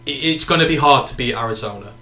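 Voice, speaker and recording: A man's voice: medium pitch, fast, bright, forceful tone, reverberant. A man from the United Kingdom co-hosting a casual sports podcast, chatting and reading out viewer comments. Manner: chatty, reads out viewer comments and sign-offs. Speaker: podcast co-host.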